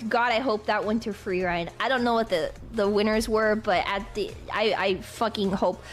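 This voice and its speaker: A woman's voice: mid-range voice, steady tone, moderate pace. A woman in a comedy video, joking and self-mocking with stammering restarts. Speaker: video creator.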